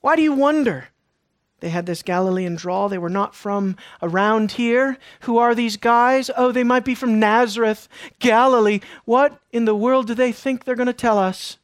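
A man preaching a sermon, moving between hushed lines and emphatic questions. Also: very high-pitched, normal speed, smooth, no room sound, studio quality. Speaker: pastor.

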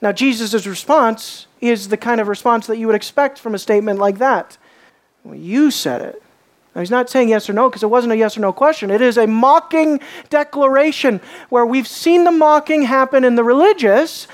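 Earnest woman preaching with rhetorical questions. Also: on the high side. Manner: earnest, rhetorical questions to listeners, rises and drops for emphasis. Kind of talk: expository sermon.

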